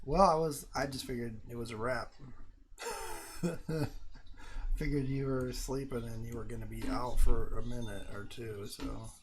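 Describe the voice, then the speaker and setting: A man's voice: mid-range voice, steady tone, a little slow, long pauses, a little hiss or hum. A man streaming live, chatting casually and rambling with many ums, swearing often.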